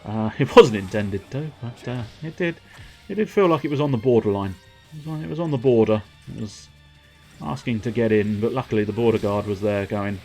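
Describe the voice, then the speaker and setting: A man's voice: on the low side, brisk, a little mellow, soft background music. A man streaming a game, rambling through self-mocking, sweary commentary at his desk mic. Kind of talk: casual gameplay commentary.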